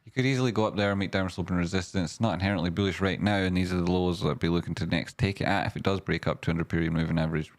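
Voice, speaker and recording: A man's voice: low voice, steady tone, racing, hardly any pauses. A man hosting a live stream, chatting and thinking aloud as he walks through stock charts with jokey asides.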